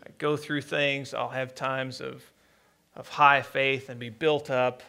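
Slow, gravelly-voiced male preacher. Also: medium pitch, little pitch movement, bright, forceful tone. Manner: unhurried, plainspoken, with many pauses and restarts. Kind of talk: conversational sermon.

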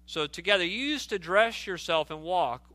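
Bright, high-voiced male preacher. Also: animated, normal speed, no echo. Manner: earnest, emphatic, with many restarts and asides. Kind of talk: sermon.

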